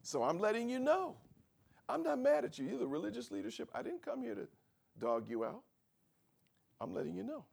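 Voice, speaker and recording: A man's voice: sits high, wildly swooping pitch, brisk, creaky, long pauses, darkish tone, breathy edge, full character voice. A preacher speaking as Jesus, patient and sure of his authority. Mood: earnest. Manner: earnest, explaining himself directly. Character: Jesus, grown man, patient authoritative teacher.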